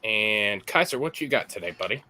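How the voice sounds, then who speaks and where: A man's voice: lowish voice, expressive, moderate pace, very noisy. A man hosting a casual evening build-and-chat, joking and teasing his friends. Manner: jokey, teasing, swears casually. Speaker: host.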